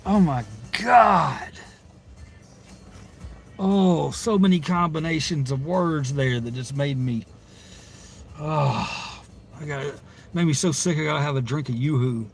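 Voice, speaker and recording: A man's voice: fairly high pitch, slow, vocal fry, long pauses, soft background music. A man hosting a livestream, reading out viewers' stories and reacting in a rambling, exasperated way, swearing freely. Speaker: livestream host. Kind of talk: casual livestream chat reading comments.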